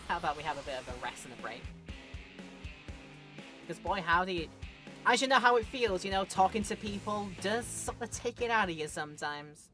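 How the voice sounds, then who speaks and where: Chatty woman streamer, bright voice. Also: lowish voice, normal speed, long pauses, soft background music. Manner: chatty, jokey, thinks aloud. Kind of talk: casual let's-play commentary.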